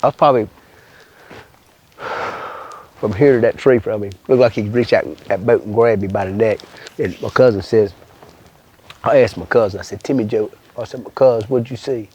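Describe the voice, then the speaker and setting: A man's voice: fairly low pitch, a little fast, darkish tone, husky, lo-fi sound. An older man from Louisiana with a bayou accent, telling a rambling, folksy story full of swearing in an interview. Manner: rambling, folksy, swears often, acts out voices.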